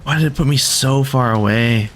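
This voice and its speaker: A man's voice: mid-range voice, moderate pace, soft background music. A man casually commenting on his own gameplay as he plays, thinking aloud and reacting with sudden exclamations. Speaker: gaming video creator.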